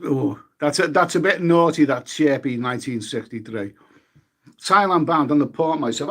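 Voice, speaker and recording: Husky guy rambling on his live stream, reading chat names out, mouth half full. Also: a little high, lively intonation, moderate pace, a bit bright. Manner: chatty, eats while talking, swears mildly, reads viewer names aloud.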